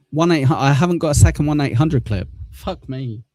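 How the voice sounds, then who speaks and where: A man with a fairly high, animated voice speaks at normal speed with a darkish tone on a dry recording. Originally from the south of England yet sounding Mancunian, he hosts a casual live stream, swearing often, joking and laughing at his own bad luck.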